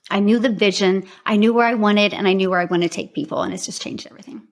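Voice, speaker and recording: A middle-aged woman, upbeat and emphatic, laughing often as she talks about her business and then pitches her program. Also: fairly even intonation, quick pace. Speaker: program founder and presenter. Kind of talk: interview then sales pitch.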